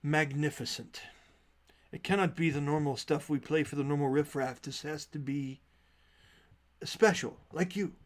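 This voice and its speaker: Brief: man as a grand, theatrical father leading a troupe, persuasive, slightly raised pitch. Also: fairly even intonation, normal speed, lightly acted. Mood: coaxing. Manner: persuasive and showy.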